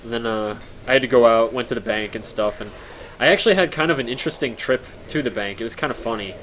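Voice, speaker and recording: A man's voice: medium pitch, fast talker, fairly bright tone, slight background noise, rough recording. A man streaming live, chatting casually to his viewers, a little tired, rambling through stories with lots of fillers and restarts and chuckling often.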